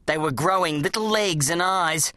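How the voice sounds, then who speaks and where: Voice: medium pitch, normal speed, pushed and bright, dry recording. Audiobook narrator, dramatic children's story reading, dry close studio sound. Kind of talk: scripted narration of a children's book.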